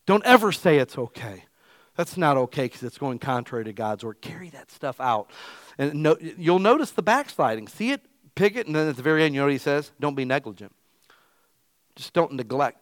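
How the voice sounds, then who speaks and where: A man's voice: a little high, expressive, a little fast, no echo. Emphatic preaching man, dry sound. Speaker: pastor. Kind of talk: sermon.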